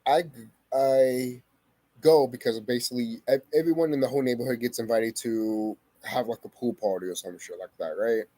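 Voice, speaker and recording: A man's voice: medium pitch, moderate pace, dark tone, dry recording. A young man vlogging a heated personal story, swearing often and repeating himself for emphasis. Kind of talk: emotional personal storytelling to camera.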